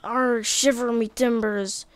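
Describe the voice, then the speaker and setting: A woman's voice: on the high side, steady tone, takes it slowly, smooth, no echo. A woman putting on a playful pirate captain in a video game, hamming up pirate slang. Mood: hammy.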